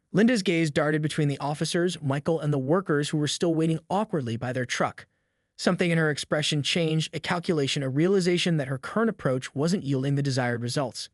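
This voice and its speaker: A man narrating a scripted story in an even, descriptive way. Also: fairly high pitch, a little fast, no room sound, studio quality.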